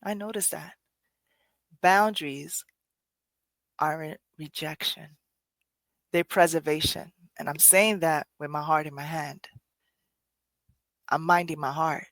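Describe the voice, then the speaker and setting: A middle-aged woman hosts her own podcast in a candid, reflective way, earnest and quick to laugh at herself. Her voice sits on the low side. The recording is dry and close, with no room sound. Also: fairly bright tone, dry recording. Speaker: podcast host. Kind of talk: reflective personal talk.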